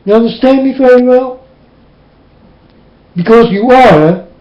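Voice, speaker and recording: Speaking in a very high, unhurried voice, a man lectures his listeners with a preachy, scolding monologue full of emphatic, plain and slightly non-standard phrasing. The audio is lo-fi, dull and roomy.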